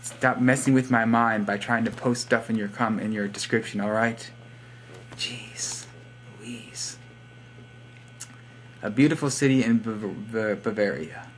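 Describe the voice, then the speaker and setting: A man's voice: lowish voice, normal speed, few pauses, slight background noise. A young man vlogging casually from his computer, joking in a silly, rambling way and now and then slipping into put-on accents. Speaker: YouTube vlogger giving shoutouts. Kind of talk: rambling casual vlog monologue. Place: home room at a computer.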